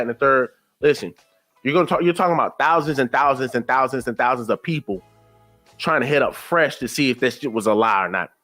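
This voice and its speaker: A man's voice: a little high, a bit bright. A man giving blunt, casual commentary as a YouTuber, often repeating himself as he talks. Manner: blunt, repetitive, conversational.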